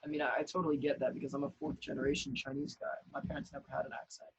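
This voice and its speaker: A man guesting on a podcast, talking in a relaxed, thoughtful way and swearing now and then. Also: on the high side, very fast, creaky, husky, dull audio. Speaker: podcast guest, actor and content creator. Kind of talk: casual conversation.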